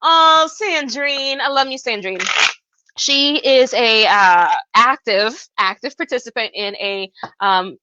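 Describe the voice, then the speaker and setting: A chatty woman with a bright, sharp voice hosts a live-stream tarot reading, calling her viewers "hun" as she talks through the cards. The sound is dry and close, with slightly dull, lo-fi phone audio. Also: a little high, measured pace, no room sound. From Arkansas, US. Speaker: tarot reader hosting a live session.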